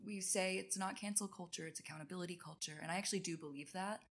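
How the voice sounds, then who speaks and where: Lower-voiced woman hosting a podcast. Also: fast talker. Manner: earnest, reflective, frequent restarts. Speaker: podcast host. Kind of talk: casual conversation.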